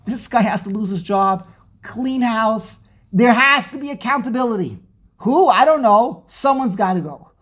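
A woman teaching an animated Torah class, emphatic and dramatic, with rhetorical questions and frequent restarts. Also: on the high side, normal speed.

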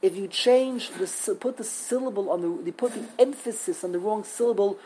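A woman's voice: mid-range voice, fairly quick, warm tone, a little hiss or hum, poor audio. A woman teaching Hebrew grammar in a classroom lesson, emphatic, often repeating herself and sounding out words syllable by syllable.

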